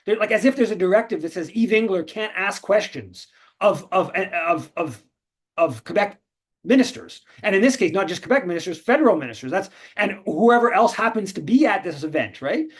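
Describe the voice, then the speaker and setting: High-pitched man rambling in casual commentary. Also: expressive, moderate pace. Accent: Canadian English. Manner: rambling, many restarts and repeated words. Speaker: host of a call-in show.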